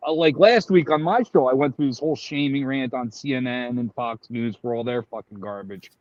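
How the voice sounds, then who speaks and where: A man's voice: mid-range voice, a little fast, a little mellow, dry recording. A man co-hosting a panel talk, speaking emphatically and with indignation. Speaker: co-host. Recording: dry, dull lo-fi sound.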